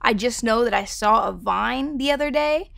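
A woman's voice: a little high, moderate pace, creaky, fairly bright tone, no echo. A woman in her twenties, a singer talking casually about her song, loose and slangy with lots of "like" and swearing. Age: 20s. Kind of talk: casual talk to camera.

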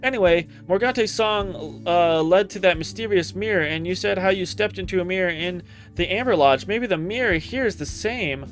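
A man streaming a game for the first time, commenting excitedly and scolding the enemies out loud. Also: sits high, normal speed. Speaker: gaming streamer. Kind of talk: blind let's-play commentary.

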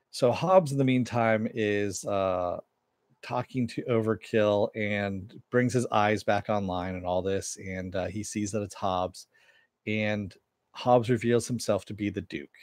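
Low-voiced man casually recapping an episode. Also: dry recording, clean studio sound. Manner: rambling, many "uh"s and "in the meantime"s. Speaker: TV episode reviewer.

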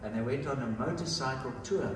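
An older South African man talks in a chatty, easygoing way. He sounds far from the mic, with heavy echo and steady noise behind him. His pitch sits in a middle range. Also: quick pace. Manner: chatty, easygoing, repeats himself. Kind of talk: casual conversation with travelers. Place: hotel lobby. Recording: echoey and distant with noise.

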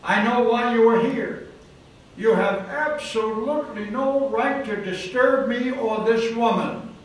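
A foul-mouthed male demon hisses threats through a possessed woman, as a preacher acts him out. He is loud, menacing and raised in pitch. The sound comes from a distance in a very echoey hall, with faint background noise. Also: a little slow.

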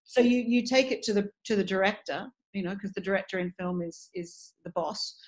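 A woman who works as a voice and dialect coach talks with energy and clarity in an interview. Her voice sits at a medium pitch and moves fairly quickly, and she sometimes restarts her phrases as she goes.

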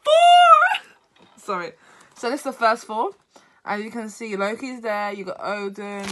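A tired woman vlogger unboxing gifts at home, talking in an excitable, apologetic way. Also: medium pitch, moderate pace. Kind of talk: unboxing vlog.

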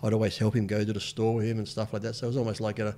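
Man, fifties, rapid casual storytelling, swears freely, acts out quotes. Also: on the low side, completely flat delivery, mellow. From Australia. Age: 50s. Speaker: guest.

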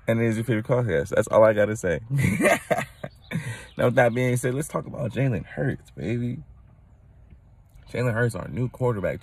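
A man hosting his own podcast, talking loosely and excitedly, rambling with restarts and laughing at his own jokes, a bit tired from little sleep. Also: medium pitch, vocal fry, slightly rough. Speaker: podcast host. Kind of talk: casual solo podcast rant.

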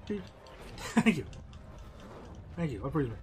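A man co-hosting a casual game playthrough, joking, laughing often and breaking into excited exclamations. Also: on the high side, takes it slowly, slight background noise. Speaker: let's play co-host. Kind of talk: casual gameplay chat.

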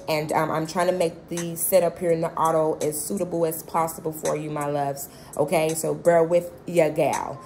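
A woman's voice: lowish voice, a little mellow. A woman giving a casual tarot reading from inside a car. She is chatty and swears freely, and often checks in with "okay?". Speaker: tarot reader. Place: inside a car while traveling.

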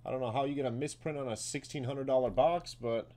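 A man hosting a live sports card break, calling out each card and getting excited over big pulls. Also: medium pitch, fast.

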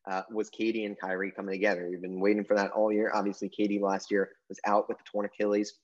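A man's voice: fairly low pitch, level tone, fast talker, dull audio. A man co-hosting a sports podcast in casual chat, rambling through his takes with plenty of "I mean" and "you know" fillers.

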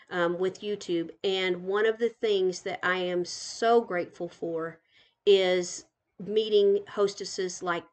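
Gushing grandmother touring a game island. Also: mid-range voice. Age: older. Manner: gushing, chatty, giggly. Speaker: gaming channel host. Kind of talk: casual live game tour commentary.

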